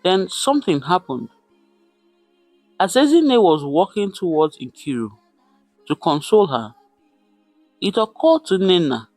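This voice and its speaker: A man's voice: fairly high pitch, dry recording. A man telling a folktale dramatically, repeating words for effect. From Nigeria. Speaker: storyteller. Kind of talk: folktale narration.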